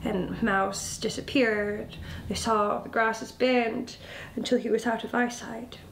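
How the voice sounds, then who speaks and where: A woman instructor tells a children's story in a slow, expressive voice, sinking into hushed whispers. Her voice sits a little high. The room is echoing, with faint noise behind. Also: creaky. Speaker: nature school instructor.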